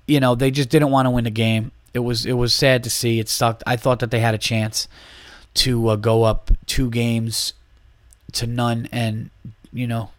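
A man's voice: mid-range voice, dry recording. A man hosting a podcast, ranting bluntly about basketball with a lot of swearing and restarts. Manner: blunt, profane, opinionated, with many restarts. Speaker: podcast host. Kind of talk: casual sports rant.

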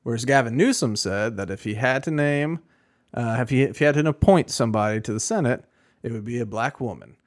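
A man's voice: medium pitch, brisk. A man co-hosting a podcast in casual chat, rambling and sarcastic with many fillers. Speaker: podcast co-host.

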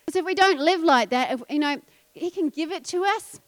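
A woman pastor preaching a sermon, emphatic and animated, dropping into quiet asides. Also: very high voice, a little fast.

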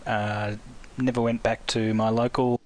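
A man's voice: on the low side, flat delivery, measured pace. A man phoning in to tell a long personal story, slipping into quoted voices along the way. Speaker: caller. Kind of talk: recorded phone story.

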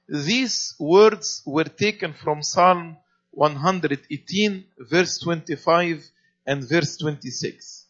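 Male preacher, slightly high voice, dull lo-fi recording, explains step by step. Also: slow, fairly bright tone. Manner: explanatory, repeats phrases, some fillers. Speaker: priest. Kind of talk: sermon. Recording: dull lo-fi sound.

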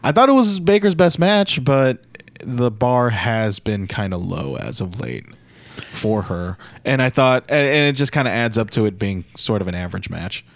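A man's voice: mid-range voice, animated, normal speed, no echo. A young man co-hosting a podcast, recapping wrestling matches move by move and adding dry asides. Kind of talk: casual recap chat.

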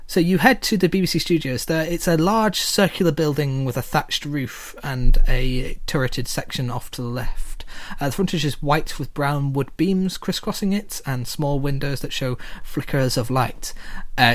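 A man's voice: medium pitch, moderate pace, few pauses. A man running a tabletop game as game master, chatty and full of filler words. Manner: chatty, frequent filler words, laughing asides.

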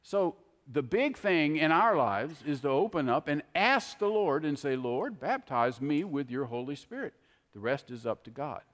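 An older man preaching a sermon, telling folksy stories in an animated, heartfelt way. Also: a little high, normal speed, long reverb tail. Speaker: pastor.

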